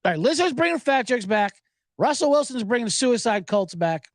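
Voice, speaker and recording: A man's voice: extremely high pitch, very animated, fairly quick, no room sound. Guy rambling about betting, swears a lot, voice jumps all over, dry close sound. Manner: profane, joking, rambling asides. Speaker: sports betting podcast host. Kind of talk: casual rambling commentary.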